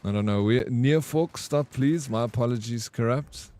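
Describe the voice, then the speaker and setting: A South African man with a warm, mid-range voice talks at a normal pace while live-streaming a game. Chatty and laid-back, he reads his viewers' comments and answers them.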